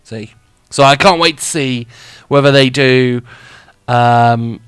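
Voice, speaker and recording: A man's voice: medium pitch, takes it slowly, pauses often, a bit bright, clear, resonant tone, no room sound, soft background music. Chatty, rambling male stream host. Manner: rambling, chatty, laughs often. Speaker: radio show host and streamer. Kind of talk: casual live-stream chat.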